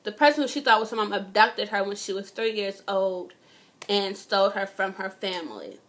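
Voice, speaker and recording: A woman's voice: mid-range voice, normal speed, fairly bright tone. A young woman, giving a casual, indignant TV review and swearing freely. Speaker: vlogger.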